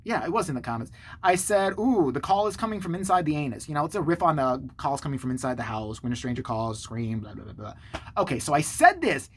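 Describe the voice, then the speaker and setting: A man hosting his own channel, telling a story to the camera in a sarcastic, profane, animated way. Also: medium pitch, fairly quick, a little hiss or hum. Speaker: channel host.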